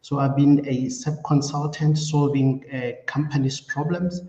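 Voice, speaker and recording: A man from South Africa answers interview questions in a mellow, dark voice, hesitating with halting fillers. His audio sounds dull and roomy, with a long echo tail. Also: medium pitch, flat delivery. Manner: hesitant, many fillers and restarts. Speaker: job candidate. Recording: echoey dull room sound.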